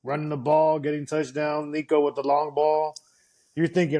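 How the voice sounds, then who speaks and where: Brief: male podcast co-host, slightly higher voice, eager casual game recap. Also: level tone, moderate pace, warm tone. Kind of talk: casual sports chat.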